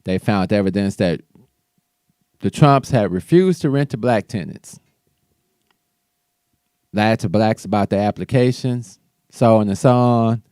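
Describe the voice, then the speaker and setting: A man with a low, mellow voice talks politics on his own show. He speaks loosely, stumbling and restarting as he goes. The sound is dry and close, with no room around it. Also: a little slow, pauses often, smooth, no echo. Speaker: show host. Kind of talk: casual political commentary.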